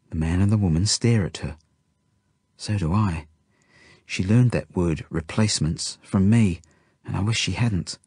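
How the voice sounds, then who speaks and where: A man narrates a children's novel in the first person, steady and intimate. His voice is low with a slight husk. The recording is dry and close. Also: unhurried, pauses often, breathy edge, dry recording. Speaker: audiobook narrator.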